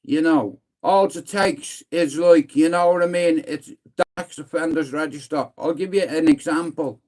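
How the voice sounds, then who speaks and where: A man's voice: fairly high pitch, moderate pace, a little mellow. A middle-aged man with a Dublin Irish accent, hosting a livestream in a blunt, rambling, sweary way. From Ireland. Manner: rambling, blunt and sweary, repeatedly saying "listen". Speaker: livestream host. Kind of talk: casual livestream chat.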